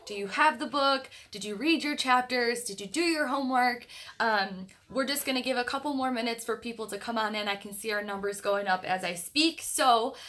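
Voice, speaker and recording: A woman's voice: a little high, sharp tone. A young woman chatting on a casual livestream from her grandmother's house, greeting viewers by name with many fillers. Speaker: livestream host of an online book club.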